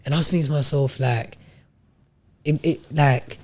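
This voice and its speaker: A young podcast co-host tells a faith story in casual slang, animated as he acts out his own thoughts and words. He speaks at a moderate pace in a medium-pitched voice.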